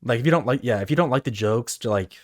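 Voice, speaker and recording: A man's voice: mid-range voice, fast. A young man co-hosting a podcast, chatting casually with lots of fillers and swearing. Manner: relaxed, profane, rambling with many fillers. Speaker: podcast co-host. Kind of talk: casual chat.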